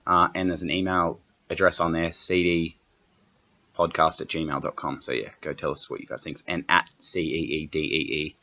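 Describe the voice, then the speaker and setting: A young Australian man with a very deep but sharp, bright voice hosts a solo comedy podcast. He rambles and swears nonstop in a brash, offhand way, and the recording sounds slightly dull and lo-fi. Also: fairly even intonation, moderate pace. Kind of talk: profane solo podcast rant.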